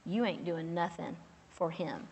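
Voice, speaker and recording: A woman's voice: lowish voice, a little slow, a little mellow, slight background noise. A woman preaching a fervent, emphatic, folksy sermon as a pastor's wife. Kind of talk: sermon to a women's gathering. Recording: long hall reverb.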